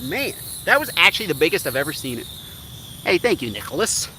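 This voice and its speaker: Chatty man, high voice outdoors. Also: sing-song, fairly quick. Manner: chatty, upbeat, talks straight to viewers. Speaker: fishing vlogger. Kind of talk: casual livestream chat while cooking. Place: outdoors on a riverbank. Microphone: camera on a tripod. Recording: outdoor camera audio with loud ambient noise.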